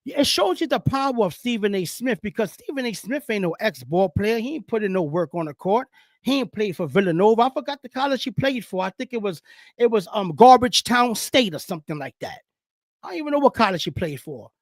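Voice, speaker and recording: A man from the Bronx with a New York accent, hosting a casual live-stream sports talk, rambling and animated, with loud street slang. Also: high-pitched, brisk, no echo, clean studio sound.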